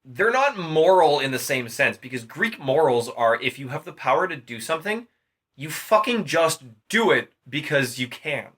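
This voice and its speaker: A man's voice: a little high, big pitch swings, moderate pace, fairly bright tone. A tipsy young man casually retelling a Greek myth in a rambling, profane way. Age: young adult. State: drunk. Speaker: storyteller.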